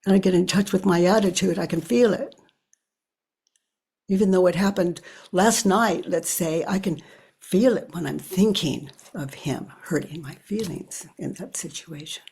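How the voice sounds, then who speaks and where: Husky older woman, quiet and reflective. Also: lowish voice. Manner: slow and reflective, often sinking to a hush; thinks aloud with pauses. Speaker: spiritual teacher. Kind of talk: guided self-inquiry talk.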